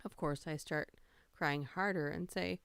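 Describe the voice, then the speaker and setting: A woman's voice: low-pitched, fairly even intonation, measured pace, vocal fry, a bit bright, clear, resonant tone, no echo. A woman hosting a casual livestream, reading funny stories aloud, laughing and greeting her chat.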